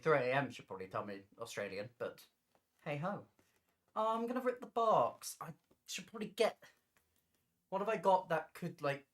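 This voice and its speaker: Loud, giggly woman livestreaming. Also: extremely low pitch. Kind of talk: casual livestream chat. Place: home, building on the floor.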